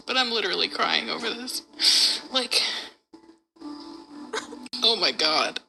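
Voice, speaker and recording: A young woman with a very bright, tense voice talks in a slow, drawn-out way. She co-hosts a casual podcast and reacts to a book with loud excitement. She curses freely and gushes as she goes. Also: on the high side, gravelly, rough recording. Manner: excitable, swears a lot, gushes over the story. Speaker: podcast co-host. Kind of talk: casual chat about a book.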